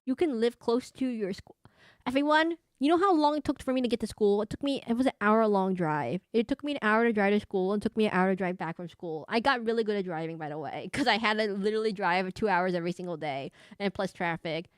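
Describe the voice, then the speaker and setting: A woman's voice: mid-range voice, lively intonation, fast talker, dry recording, studio quality. A young woman streaming a game, chatting casually with a giggly, rambling manner.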